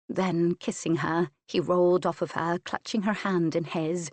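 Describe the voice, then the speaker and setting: A woman narrating a historical romance audiobook in a slow, measured and intimate reading on a close microphone. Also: fairly low pitch, fairly even intonation, dry recording.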